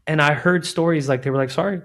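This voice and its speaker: In a fairly high voice and at a quick pace, a middle-aged recruiting firm founder spins animated stories as an interview guest. He chats casually, voices quoted dialogue, and says "man" and "like" a lot.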